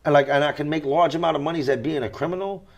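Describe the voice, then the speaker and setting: A man's voice: a little high, very fast, gravelly. A man as a podcast guest, telling his life story candidly and with emphasis, often repeating key phrases and swearing freely.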